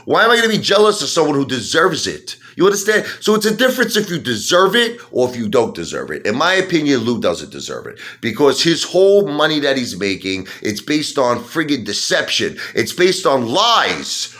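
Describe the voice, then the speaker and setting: A man ranting in an animated monologue, mocking and excitable, swinging between loud outbursts and muttering. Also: medium pitch, normal speed, few pauses. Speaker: stock-market video host.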